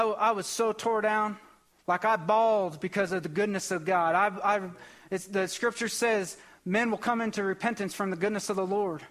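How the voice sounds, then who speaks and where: A man's voice: sits high, fairly bright tone. A young man preaching a sermon, telling a personal testimony with emotional, impassioned bursts. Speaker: pastor.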